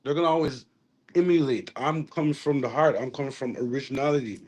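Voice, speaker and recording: A man's voice: mid-range voice, fast, a little mellow. Man telling a rambling story. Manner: rambling with restarts and Jamaican slang. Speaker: reggae artist guest. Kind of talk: casual interview storytelling.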